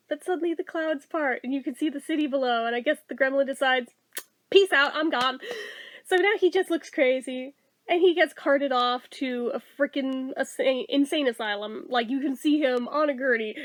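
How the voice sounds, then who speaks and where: Excitable high-voiced woman reviewing movies. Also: no room sound. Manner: excitable, swears freely, laughs often.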